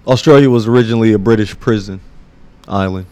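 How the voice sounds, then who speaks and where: A man's voice: lowish voice, quick pace, mellow, smooth. A man co-hosting a comedy podcast, teasing dryly and rambling through jokes. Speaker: podcast co-host. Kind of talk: casual comedic chat.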